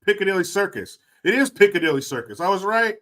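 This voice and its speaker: A man's voice: high voice, very animated, fast talker, fairly bright tone. A man hosting a casual livestream, reading chat aloud and joking crudely with plenty of swearing. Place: indoors, cold room.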